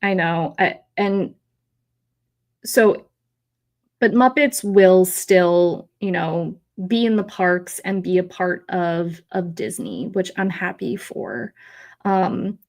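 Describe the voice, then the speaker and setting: Woman in her 30s on a live stream, slow, rambly, kinda emotional, lots of ums. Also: on the low side, creaky. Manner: emotional, rambling with many fillers, reads chat aloud. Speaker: host of a live theme park stream.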